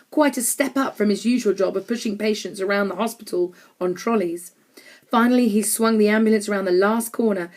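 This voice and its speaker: A woman narrating a children's audiobook in a clear, measured storytelling manner. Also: medium pitch, a little mellow.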